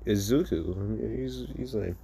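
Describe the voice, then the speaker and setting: A man's voice: fairly low pitch, normal speed, creaky, mellow, a little hiss or hum. A man improvising a fan story, rambling and casual, with plenty of swearing.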